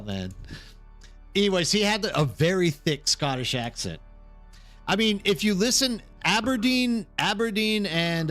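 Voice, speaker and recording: A man's voice: a little high, a bit bright. A tired man from the Houston area, chatting casually as a livestream host and rambling with lots of "like" and "dude". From Texas, Houston area. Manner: rambling, chatty, says "like" and "dude" a lot, reads the chat aloud.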